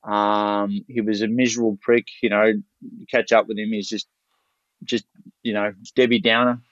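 A man's voice: on the low side, normal speed, no echo. An Australian man, a seminar speaker, telling stories casually, with energy, frequent swearing and many restarts. The audio is dull and lo-fi. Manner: energetic, profane, full of restarts. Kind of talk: casual storytelling.

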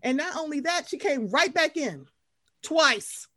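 A woman co-hosting a casual recap chat, profane and animated, acting out the voices she quotes. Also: high voice, measured pace, no room sound, studio quality. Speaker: podcast co-host.

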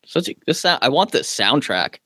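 Excitable podcast co-host, dry sound. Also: male voice, mid-range voice, moderate pace, no echo. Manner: excitable, laughs often, says like and dude. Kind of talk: casual podcast chat.

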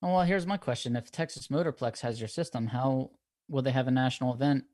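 A man's voice: medium pitch, fast talker, darkish tone, no echo, studio quality. A man hosting an interview, easygoing, asking questions in loose run-on sentences. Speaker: podcast host. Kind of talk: casual interview chat.

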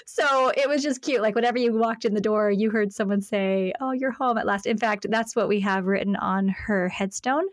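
A woman's voice: medium pitch, steady tone, moderate pace, hardly any pauses, no room sound, studio quality. Chatty woman telling family stories. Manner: warm storytelling, laughs often, acts out quotes. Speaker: podcast guest, author. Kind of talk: casual chat.

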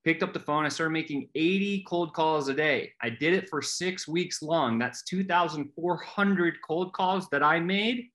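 A middle-aged man telling his story in a casual chat, animated and full of fillers, acting out the voices he quotes. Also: a little high, unhurried, few pauses.

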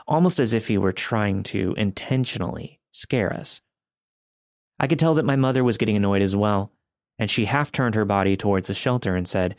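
A man narrates a creepy story for his podcast in a steady, measured way. His voice sits on the low side. The studio sound is dry and close. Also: dry recording. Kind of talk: scripted horror story narration.

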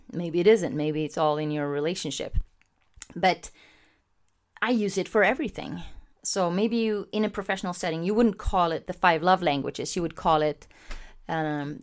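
Chatty woman hosting a podcast. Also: on the low side. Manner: chatty, animated, gives shout-outs to live viewers. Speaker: podcast host. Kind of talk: casual podcast talk. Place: home recording setup, also streaming live.

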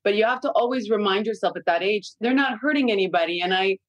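Woman guest, candid and chatty, mid pitch, dry close mic. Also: quick pace, no room sound, lo-fi sound. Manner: candid and chatty, swears freely, many "like" fillers. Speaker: guest, a mother of young kids. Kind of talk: casual podcast chat.

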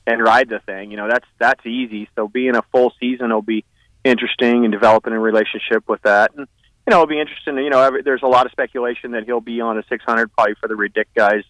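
A man's voice: medium pitch, fairly even intonation, fast, a bit bright, no echo, poor audio. A man speaking as a guest on a sports radio show, hesitant and full of fillers. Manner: hesitant, full of "you know" and "uh". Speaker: guest, dirt track business owner. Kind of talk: casual radio interview.

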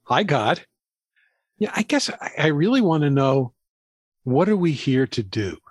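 A man's voice: a little high, sing-song, unhurried, husky, no echo, clean studio sound, exaggerated voice. A man reading the part of a curious interviewer asking God earnest questions in a comedy skit over a video call.

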